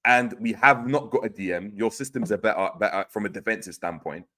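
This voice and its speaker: A man's voice: fairly low pitch, fairly quick, sharp tone. A man hosting a livestream, reading chat comments aloud in slangy, teasing banter. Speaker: host reading live chat.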